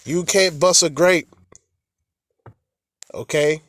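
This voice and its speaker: Southern guy preaching, brash and cussing, highish voice, dry close sound. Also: steady tone, slow pace, fairly bright tone, no room sound. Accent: Southern American. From American South. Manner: brash, profane, taunting; rhythmic chanting prayer. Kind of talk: fiery street-style sermon.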